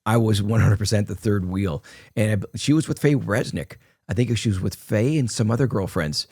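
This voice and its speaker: Low-voiced older man telling rambling stories. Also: animated, fairly quick, a little mellow, husky, no room sound, studio quality. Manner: rambling anecdotes with many restarts and quoted dialogue. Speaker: interview guest. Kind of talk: casual storytelling interview.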